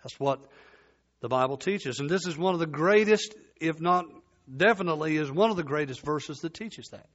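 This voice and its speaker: A man preaching a sermon, emphatic and repeating key phrases, his voice sinking low at the ends of points. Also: lively intonation, normal speed, a bit bright, dull audio.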